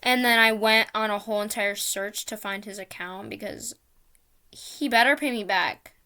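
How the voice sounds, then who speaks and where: A woman's voice: medium pitch, moderate pace, bright, forceful tone. A woman vlogger telling a casual, rambling story with lots of fillers, often mocking herself.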